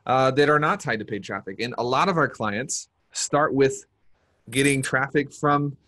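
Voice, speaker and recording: A man giving a live-streamed marketing workshop, energetic and repeating his key points for emphasis. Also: mid-range voice, normal speed. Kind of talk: live-streamed business seminar talk.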